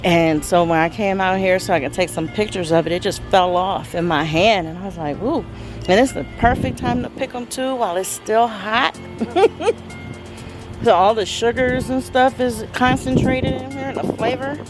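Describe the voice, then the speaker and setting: A woman's voice: mid-range voice, normal speed, over music. A middle-aged woman chatting casually to viewers from her backyard garden, speaking into a handheld phone camera. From Southern California. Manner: chatty, addresses viewers as "you guys", savoring while tasting. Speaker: homesteading vlogger.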